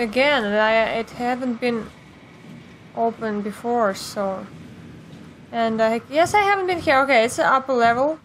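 A woman's voice: on the high side, a bit bright, a little hiss or hum. A woman giving let's play commentary, talking to herself in a jumpy way and swearing at the game. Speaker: gameplay streamer.

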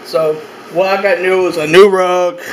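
A young man with a high voice talks through a casual vlog from his bedroom, rambling, cursing constantly and repeating his lines. His voice bounces around an echoey room, with a faint hum of air conditioning underneath. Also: steady tone, normal speed. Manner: profane, rambling, repeats himself. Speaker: vlogger.

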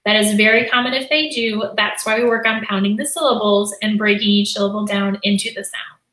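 Bright-voiced woman teaching in an echoey room. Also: medium pitch, fairly even intonation, fairly quick. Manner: explanatory, modeling lesson prompts with many fillers. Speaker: teacher and literacy educator. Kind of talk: live-streamed teaching demonstration.

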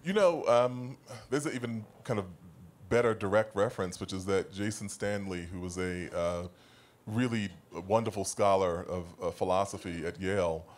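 Low-voiced man explaining measuredly. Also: moderate pace. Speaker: panelist. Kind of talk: live panel discussion.

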